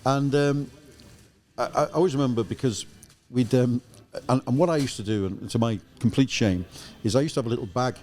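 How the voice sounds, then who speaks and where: A man's voice: medium pitch, fairly quick, darkish tone. A middle-aged man, a former football press officer, telling rambling stories as a guest with many "you know" asides. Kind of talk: casual storytelling chat.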